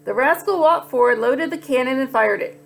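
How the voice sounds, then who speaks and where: A woman storyteller narrating a children's story in a lively, expressive read-aloud. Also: high-pitched, a little fast, soft background music.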